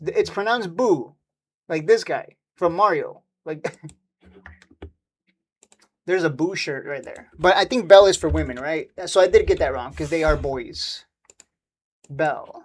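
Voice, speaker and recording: A man chatting casually on a live stream about stock charts, rambling and quick to laugh or get annoyed. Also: fairly high pitch.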